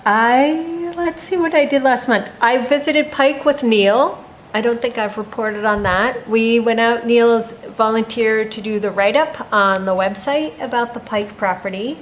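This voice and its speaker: A woman delivers her coordinator's update at a town meeting at a slow, easy pace. She talks informally and stops often to gather her thoughts. A faint hum sits under her voice. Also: a little high, low-quality recording. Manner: unhurried, informal report with frequent pauses. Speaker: land stewardship coordinator. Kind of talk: staff report at a town meeting.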